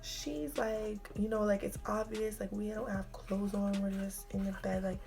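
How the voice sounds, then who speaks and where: A woman's voice: mid-range voice, fairly even intonation, normal speed, creaky, dark tone. A young adult woman telling a casual storytime vlog, chatty and full of fillers, sometimes dropping into a whisper. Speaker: vlogger.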